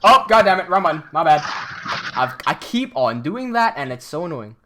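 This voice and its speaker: A man streaming live, reading chat aloud and thinking out loud as he works. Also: a little high, big pitch swings, moderate pace, noisy background. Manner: thinks aloud while working, reads chat aloud. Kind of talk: casual livestream chat.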